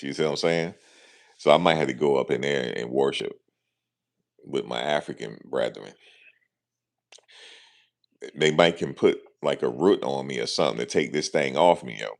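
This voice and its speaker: Super deep gravelly dude vlogging, laid back slangy american talk. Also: male voice. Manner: animated, slangy, lots of "you know what I'm saying". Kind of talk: casual vlog storytelling.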